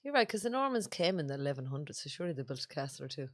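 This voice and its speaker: A woman's voice: deep voice, very animated, very fast, dry recording, clean studio sound. An Irish woman, a podcast co-host, chatting and telling a story in a teasing, casual way. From Ireland. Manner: teasing, chatty, with fillers and restarts.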